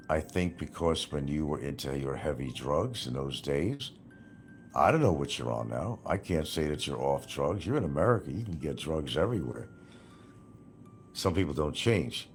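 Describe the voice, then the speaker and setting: Over soft background music, a very deep-voiced man delivers a livestream rant at a measured pace, highly animated. His tone is sarcastic and profane as he taunts the person he's attacking and laughs at them.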